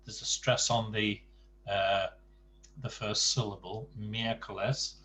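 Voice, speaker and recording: A man's voice: on the low side, level tone, takes it slowly, sharp tone, low-quality recording. A man teaching an online Spanish class by video call, patient and jokey, with many fillers. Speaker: Spanish tutor.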